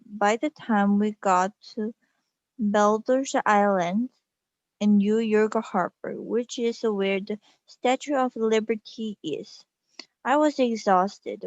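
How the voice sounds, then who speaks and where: A woman whose first language is Korean reads a storybook aloud in a slow, careful way, with small restarts. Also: medium pitch, no echo, highs cut off. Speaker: reader.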